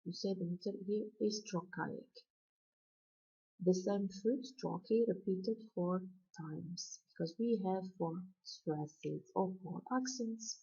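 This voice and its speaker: A woman lecturer explaining poetic meter in a slow, deliberate way, chanting out stress patterns. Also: medium pitch, gravelly, dark tone, slightly rough. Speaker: university lecturer. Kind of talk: recorded poetry lecture. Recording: dull lo-fi recording.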